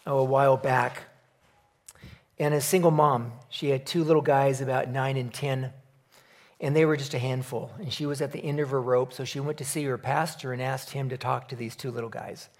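A man giving a sermon in a relaxed storytelling manner, opening with a joke before turning earnest and reflective. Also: medium pitch. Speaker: preacher.

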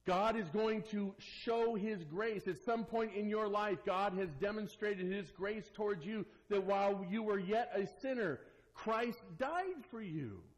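A male pastor with a fairly high voice delivers a sermon to his church. He swings from ringing, emphatic lines down to soft, hushed asides, with an earnest, lively delivery. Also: measured pace, hardly any pauses, low-quality recording.

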